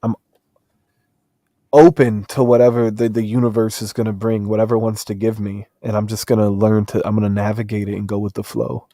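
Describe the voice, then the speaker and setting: Man, casual chat, reflective, rambling, low voice, dry. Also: flat delivery, a little fast, dark tone, dry recording.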